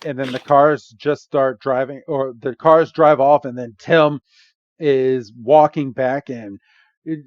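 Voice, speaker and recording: A man's voice: mid-range voice, slow pace, no room sound, lo-fi sound. A man co-hosting a podcast, recapping a movie in casual chat and acting out the characters' lines. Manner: animated, acts out characters' lines with a raised voice. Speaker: podcast co-host.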